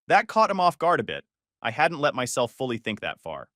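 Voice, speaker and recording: Brief: male narrator, tense confessional story read, animated intonation. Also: a little high, a little fast, no room sound, clean studio sound. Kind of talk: first-person story narration.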